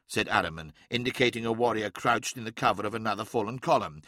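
A man narrating an audiobook in a steady, dramatic storytelling manner. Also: fairly low pitch, fast talker, few pauses, no echo, studio quality.

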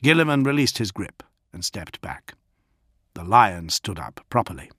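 A man reading an audiobook in an even, unhurried way. His voice is low and gravelly, recorded close with a dry sound. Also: dry recording. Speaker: audiobook narrator. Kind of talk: scripted narration.

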